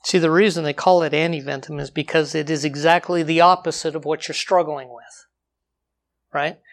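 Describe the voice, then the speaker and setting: Guy preaching, goes slow on the verses then shoots way up loud, drops to near quiet too. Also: steady tone. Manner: dynamic delivery, slows for scripture, jumps high for emphasis, drops to quiet. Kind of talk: sermon.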